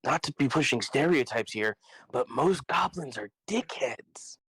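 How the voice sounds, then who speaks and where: A man's voice: mid-range voice, lively intonation, a little slow, fairly bright tone, slightly rough, no echo. A man playing a tabletop game with a wry, skeptical manner. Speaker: player. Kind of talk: casual tabletop game chat.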